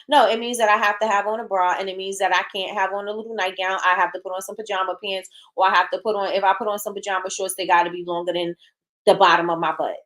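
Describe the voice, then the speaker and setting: Talking fast in a mid-range, steady, fairly bright voice, this woman hosts a casual opinion show. She's frank and blunt, reads viewer comments from the live chat aloud and responds, and says her points more than once to drive them home.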